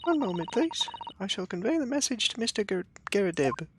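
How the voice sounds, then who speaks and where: A man voicing a polite female English maid in a high falsetto with a put-on posh English accent. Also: very animated, a little fast, noisy background. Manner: high falsetto, genteel and deferential.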